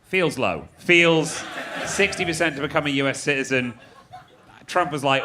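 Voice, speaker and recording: A man's voice: fairly high pitch, normal speed, a little hiss or hum. A man in his thirties from Manchester with a Mancunian accent, doing a stand-up set in a dry, sardonic way and chatting with the crowd. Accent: Mancunian English. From Manchester, England. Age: 30s. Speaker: stand-up comedian. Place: comedy club stage. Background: loud audience laughter and applause.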